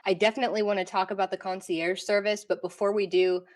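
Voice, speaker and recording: A woman's voice: mid-range voice, flat delivery, fast. A woman co-hosting a podcast, asking questions and dropping playful quips. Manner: playful, quippy interjections. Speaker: podcast co-host. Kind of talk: casual podcast chat.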